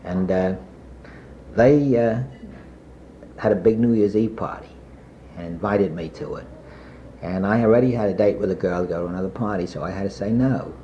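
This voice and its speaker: An older man being interviewed, telling a long personal anecdote in a rambling way with many pauses and fillers. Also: low-pitched, mellow, slight background noise. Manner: rambling anecdotal, frequent "uh" and asides. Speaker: interviewee recalling his past. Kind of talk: oral history storytelling. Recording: muffled archival tape.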